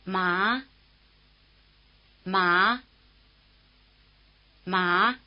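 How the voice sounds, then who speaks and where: A woman giving slow, carefully articulated model syllables for a pronunciation drill. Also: mid-range voice. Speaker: native-speaker model voice. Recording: dull lo-fi old course tape.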